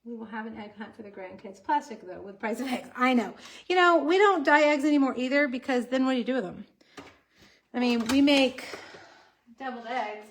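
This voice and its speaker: A woman in her forties hosts a relaxed card-making stream and chats freely with her viewers while she works. Her voice sits a little high, and a faint hiss runs under it. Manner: chatty, talks to viewers while crafting. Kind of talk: casual craft livestream.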